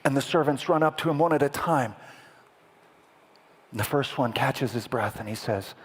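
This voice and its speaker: A man preaching a sermon as vivid storytelling, dramatic and playful with the congregation, building to loud peaks and dropping to a whisper. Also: medium pitch, animated, a little fast, husky. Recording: echoey hall with long reverb.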